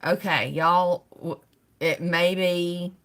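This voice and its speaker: A woman's voice: on the low side, steady tone, takes it slowly, fairly bright tone. A middle-aged woman hosting a casual livestream, greeting viewers by name and laughing often. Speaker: livestream host.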